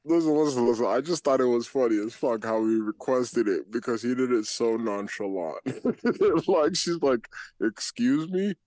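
A man's voice: medium pitch, lively intonation, brisk, few pauses, darkish tone, no room sound. A man co-hosting a podcast in casual crude banter, rambling with lots of fillers and laughing as he retells stories. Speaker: podcast co-host.

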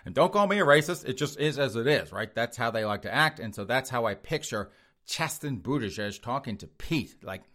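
A man's voice: mid-range voice, lively intonation, fairly quick, fairly bright tone. A man hosting his own show, giving a sarcastic political commentary monologue to his audience. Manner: mocking, sarcastic, addresses audience as folks. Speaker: show host.

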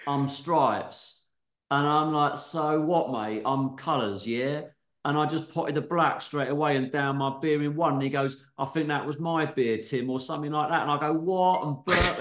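A man's voice: fairly high pitch, fairly bright tone. A man reading a story as a brash young London lad with a London youth-speak accent and swaggering slang. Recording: echoey room.

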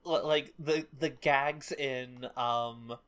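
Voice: medium pitch, steady tone, drawn-out words, a bit bright. A co-host on a casual book club podcast who swears freely and explains references with a lot of fillers.

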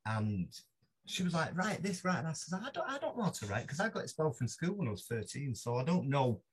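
A man's voice: medium pitch, very animated, fast talker, slightly rough. A man with a Mancunian accent, a podcast guest, telling stories in a rambling, self-deprecating way with many restarts. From Manchester, England. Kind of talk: casual interview chat.

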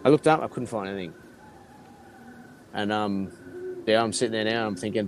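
An Australian man telling a rambling, animated campfire-style story, swearing freely and laughing between lines. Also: fairly low pitch, a little fast, pauses often, background noise. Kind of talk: casual storytelling.

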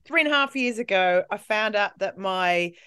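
A woman in her forties with an Australian accent softened by English tones, a podcast guest chatting candidly and mocking herself with frequent laughs. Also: medium pitch, animated, moderate pace, smooth, dry recording. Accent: Australian with an English tinge. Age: 40s. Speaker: guest, comedian. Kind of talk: casual podcast chat.

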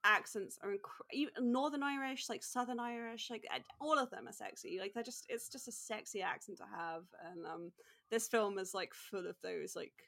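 A woman from the UK, a film critic, chats as a guest on a podcast. Her voice is bright and forward, and her talk runs loose with fillers and easy laughter. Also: mid-range voice, moderate pace, gravelly. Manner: chatty, laughs often, many fillers. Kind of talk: casual podcast chat.

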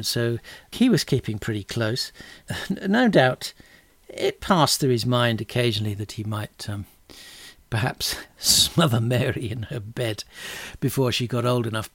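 A man's voice: medium pitch, gravelly, fairly bright tone, dry recording. A middle-aged man telling history in a casual, chatty way, with wry asides. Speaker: podcast host.

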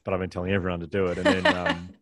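A middle-aged man with a deep voice tells a personal story at a rapid clip. He rambles and often breaks off to restart his sentences. The sound is dry and close. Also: little pitch movement, a bit bright, dry recording. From Australia. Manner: fast, rambling, self-interrupting with restarts. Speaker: author and guest. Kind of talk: candid conversational storytelling.

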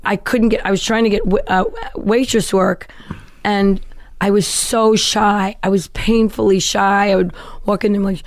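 Woman comic guest spilling her story, animated, kinda self-mocking, dry studio sound. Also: mid-range voice, measured pace, no echo. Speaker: comedian guest. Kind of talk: candid storytelling interview.

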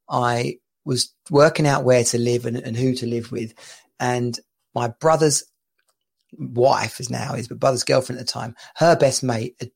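A gravelly, creaky-voiced man hosting a relaxed podcast, with a mid-pitched voice. He tells stories with laughter and lots of restarts. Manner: chatty, laughing storyteller with many restarts. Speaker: podcast host. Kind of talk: casual chat. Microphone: home podcast mic.

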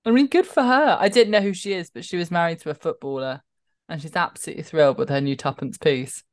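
A woman's voice: low voice, quick pace, dry recording. A woman co-hosting a casual radio chat, with a dry, cheeky, teasing delivery. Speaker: radio co-host.

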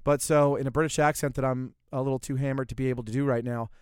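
A man's voice: medium pitch, fairly even intonation, fast talker, clear, resonant tone, dry recording, studio quality. A man from New Orleans telling a rambling story on a podcast as co-host. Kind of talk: casual storytelling chat.

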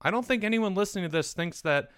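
A man's voice: sits high, lively intonation, fast talker, fairly bright tone, clear, resonant tone, dry recording, studio quality. A man hosting a comedy podcast, playing the patient, mildly exasperated straight man in casual banter. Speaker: podcast host.

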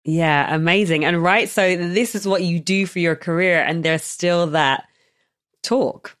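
A woman with a low voice hosts a podcast conversation, reflecting on and affirming what her guest says. Her voice is recorded dry, with almost no room echo. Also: steady tone, unhurried, a bit bright. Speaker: podcast host. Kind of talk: conversational interview.

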